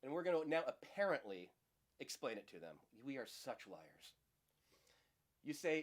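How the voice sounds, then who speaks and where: A middle-aged man explains a magic trick in a relaxed, hands-on lesson. His voice sits at a middle pitch but moves through a very lively range. He keeps a playful tone as he talks the viewer through each move. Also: moderate pace. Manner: lively, playful, acts out audience lines in high voices. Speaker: magic teacher. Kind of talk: casual demonstration lesson.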